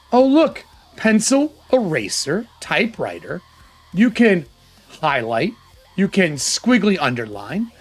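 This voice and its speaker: A man hosting a casual live stream, thinking aloud excitably and swearing now and then. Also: high-pitched. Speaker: livestream host.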